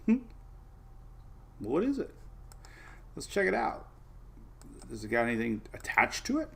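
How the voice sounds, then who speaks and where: A man hosting a casual live weather show, chatting in a rambling way with excitable asides while looking over the maps. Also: mid-range voice, a little slow, vocal fry, breathy edge.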